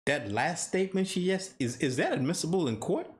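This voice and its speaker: Animated Zimbabwean man riffing on a clip. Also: on the high side, brisk. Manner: playful, teasing, mock-apologetic. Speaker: reaction video host. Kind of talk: comedic reaction commentary.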